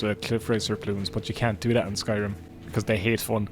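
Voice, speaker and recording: A man's voice: fairly low pitch, steady tone, fast talker, few pauses, a little hiss or hum. A young man giving casual, jokey gameplay commentary and swearing freely. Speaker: gaming YouTuber. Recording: faint game music behind.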